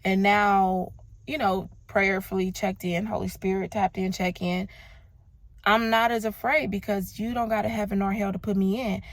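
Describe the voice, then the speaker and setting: Expressive woman sharing a faith testimony. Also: medium pitch, moderate pace, no room sound. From Los Angeles, United States. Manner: expressive, emphatic, calls listeners "baby" and "y'all". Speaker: vlogger.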